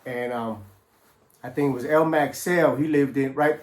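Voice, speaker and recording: A man's voice: mid-range voice, moderate pace. A middle-aged man casually recounting his past in a laid-back, streetwise way, full of slang and fillers. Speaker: former prisoner telling his story. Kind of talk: casual storytelling. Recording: roomy echo.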